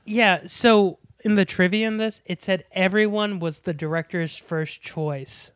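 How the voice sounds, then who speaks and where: A woman's voice: fairly low pitch, unhurried, smooth, dry recording, studio quality. A woman co-hosting a casual movie review podcast, telling stories with lots of laughter. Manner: animated storyteller who acts out quotes, laughs often. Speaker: podcast co-host.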